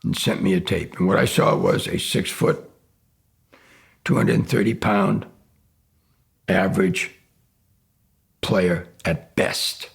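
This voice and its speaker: Gravelly older coach, husky and emphatic. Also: male voice, low-pitched, steady tone, slow pace, pauses often. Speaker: college football coach. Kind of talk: documentary interview.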